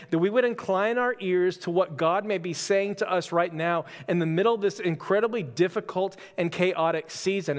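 A man, a pastor, giving a relaxed, conversational sermon with self-deprecating stories. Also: sits high. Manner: casual, storytelling, self-deprecating humor. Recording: long hall reverb.

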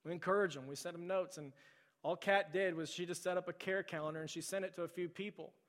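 Pastor preaching in a reverberant sanctuary. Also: male voice, high voice, steady tone, quick pace. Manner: storytelling, then soft pleading repetition. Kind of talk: sermon. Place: large church sanctuary. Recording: long hall reverb.

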